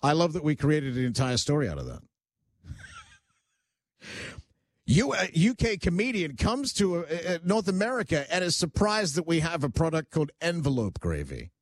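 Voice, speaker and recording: A man hosting a radio talk show, chatting with quick, teasing banter. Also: fairly high pitch, dry recording. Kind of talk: casual radio chat. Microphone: studio microphone.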